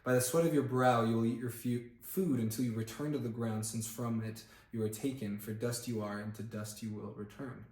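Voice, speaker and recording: A man's voice: mid-range voice, fairly even intonation, brisk, few pauses, a little mellow. Casual man reading scripture aloud in an echoey room. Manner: reads aloud with plain emphasis, stops to look up words and comment. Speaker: Bible reader and channel host. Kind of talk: casual Bible reading on camera. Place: indoor room, filmed on camera.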